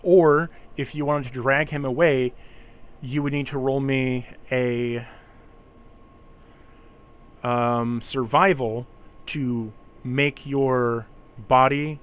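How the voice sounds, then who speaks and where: A man's voice: medium pitch, steady tone, takes it slowly, long pauses, clean tone. A man acting as game master, explaining the rules of a tabletop role-playing game patiently and step by step.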